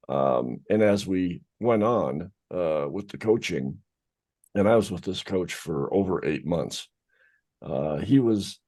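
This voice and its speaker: A man with a very deep, low voice chats casually on a video call, wandering through his story with lots of ums and restarts. He sounds like a regular co-host talking shop about voiceover work. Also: a little mellow. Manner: rambling, filler-heavy storytelling. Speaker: podcast co-host, voice actor. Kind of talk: casual group chat.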